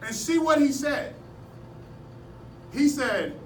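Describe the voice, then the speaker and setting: A man with a notably high voice tells animated stories to a class, laughing often as he goes. He sounds distant from the mic in an echoey room. Steady background noise runs under him. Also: unhurried. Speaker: martial arts seminar instructor. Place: indoor seminar room at a convention.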